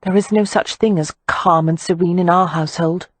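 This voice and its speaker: A woman's voice: on the low side, steady tone, moderate pace, husky, no room sound. A woman voicing a frank, outspoken young woman who talks in a blunt, exasperated way in an audiobook. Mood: glum teasing.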